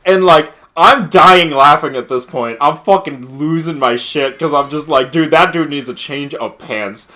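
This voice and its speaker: A man's voice: fairly high pitch, a little slow, hardly any pauses, bright, forceful tone. A young man chatting casually during a gameplay session, telling stories with frequent laughter and swearing. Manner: laughing, profane storyteller. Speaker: co-host of a gaming stream. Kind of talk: casual chat.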